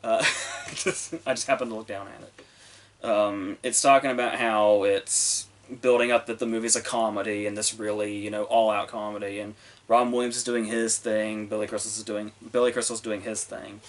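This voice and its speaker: A man's voice: on the low side, little pitch movement, moderate pace. A man reviewing a film on his podcast in a rambling, casual way, swearing often and restarting sentences. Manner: rambling, profane, full of fillers and restarts. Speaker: movie review podcast host.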